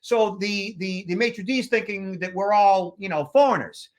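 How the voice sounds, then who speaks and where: High-voiced man telling stories. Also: normal speed. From Boston area, USA. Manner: rambling anecdotes with frequent fillers. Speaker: podcast co-host, security consultant. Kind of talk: casual storytelling chat.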